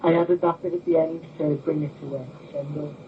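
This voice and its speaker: Deadpan British man on a tinny line. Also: fairly high pitch, fairly quick, slight background noise. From United Kingdom. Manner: dry, deadpan, understated. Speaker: guest. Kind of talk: casual chat. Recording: tinny phone-like call audio.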